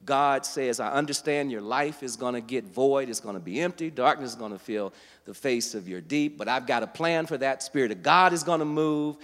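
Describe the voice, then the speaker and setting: A man preaching a sermon as pastor, teaching from scripture and building to fervent, loud delivery. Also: mid-range voice, moderate pace, big-room sound.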